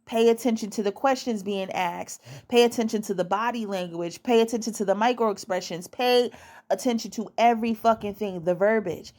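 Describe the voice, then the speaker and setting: A woman's voice: mid-range voice, fairly quick, darkish tone. A young woman giving dating advice in a casual monologue at home. She is blunt and profane and repeats her points to hammer them home.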